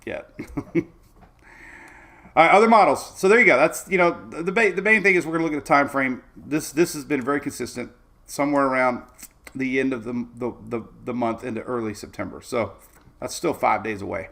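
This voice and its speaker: A man's voice: medium pitch, fairly quick, vocal fry, a bit bright. A man hosting a casual weather talk, walking loosely through forecast maps with playful asides and plenty of fillers. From Florida. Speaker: weather host.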